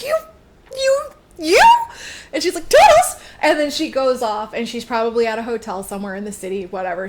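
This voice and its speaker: A woman co-hosting a casual podcast, talking through a story's plot in a loose, chatty way. She swears freely and throws herself into quick voicings of the characters. Her voice sits at a middle pitch. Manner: chatty, swearing, acts out characters' lines with big jumps in pitch. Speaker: podcast co-host. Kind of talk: casual chat, retelling a book plot.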